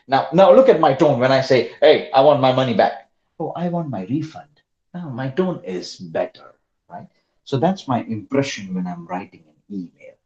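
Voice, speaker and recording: Lively male teacher. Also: on the high side. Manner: lively, quizzes students by name. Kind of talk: online class lecture. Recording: roomy, dull lo-fi online call audio.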